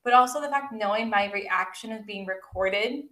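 A woman's voice: medium pitch, moderate pace, pushed and bright. A young woman co-hosting a casual chat, talking in a chatty way with many "like"s and frequent laughs. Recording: echoey room.

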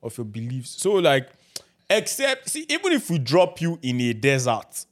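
A man with a Nigerian accent talks in a relaxed group conversation. His pitch swings widely as he drives his points home, often saying a phrase twice or three times. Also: normal speed. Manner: animated, emphatic, repeats himself. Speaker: podcast co-host. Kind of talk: casual group chat.

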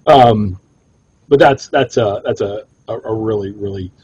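Husky man in casual podcast banter. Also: takes it slowly, darkish tone, dull audio. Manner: jokey storyteller, pitch jumps when quoting himself. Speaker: cigar shop owner and podcast co-host.

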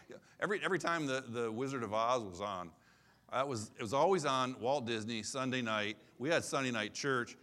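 A man in his sixties preaching a sermon in an animated, conversational way, repeating his key phrases. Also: mid-range voice, fairly quick. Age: 60s. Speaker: pastor.

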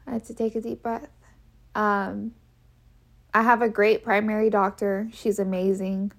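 A woman's voice: medium pitch, level tone, unhurried, gravelly, long pauses. A woman telling a personal story in a casual, frank way, stressing her points by repeating them. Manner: emphatic, repeats key phrases for effect; frank and conversational, with fillers.

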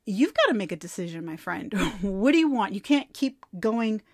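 Expressive woman telling a faith story. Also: medium pitch, normal speed, no echo, studio quality. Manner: expressive, swings from soft asides to loud emphatic bursts. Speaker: podcast host and faith mentor. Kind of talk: storytelling with scripture reading.

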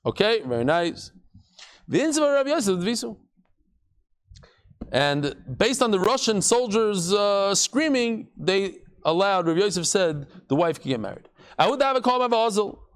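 Lively, high-pitched male Talmud teacher, playing out stories in class. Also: moderate pace, smooth. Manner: animated, acts out quotes with shifting voices and jokes.

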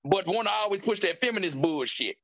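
A man in casual chat, telling stories loudly with lots of profanity and acted-out quotes. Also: high-pitched, fairly quick, dull audio. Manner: loud, animated storytelling with profanity and quoted lines.

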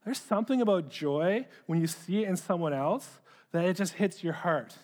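A man's voice: high-pitched, animated, normal speed, darkish tone. A middle-aged man preaching a sermon, earnest, often repeating words as he starts a phrase. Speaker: pastor.

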